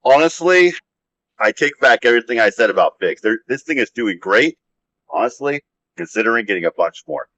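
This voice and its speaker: A man's voice: medium pitch, animated, a little fast, bright, forceful tone, no echo. Easygoing man with a dull lo-fi sound. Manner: easygoing, rambling, chatty. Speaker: vlog host. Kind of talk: casual walk-around garden vlog. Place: outdoor desert garden.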